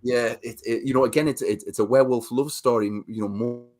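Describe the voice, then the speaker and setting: A man's voice: medium pitch, steady tone, fast talker, a little mellow, no echo, clean studio sound. A man co-hosting a casual podcast, who rambles, repeats words and keeps saying "mate.". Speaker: podcast co-host. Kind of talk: casual chat.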